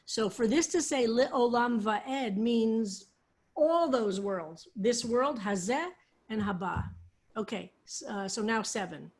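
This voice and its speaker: Speaking at a slow pace in a voice that is a little high, a woman rabbi leads an online Hebrew text lesson. Over a video call, she works through a psalm and patiently explains its Hebrew words.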